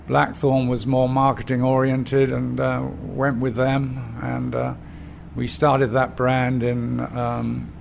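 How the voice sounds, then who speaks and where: A man's voice: mid-range voice, gravelly, slight background noise. An older man from England with an English accent, a cider company founder telling stories in a rambling, filler-laden way as an interview guest. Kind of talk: storytelling in conversation. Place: bar of a small pub.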